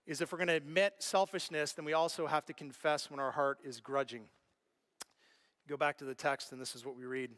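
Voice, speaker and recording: Male pastor, higher-pitched, preaching with lively, animated storytelling. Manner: animated storyteller, acts out his own reactions. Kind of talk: sermon.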